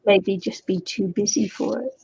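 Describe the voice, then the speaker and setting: Gravelly, mellow woman on dull audio. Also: medium pitch, fairly even intonation, normal speed, slight background noise. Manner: hesitant, many fillers. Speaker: craft streamer. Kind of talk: casual chat while crafting. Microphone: video call.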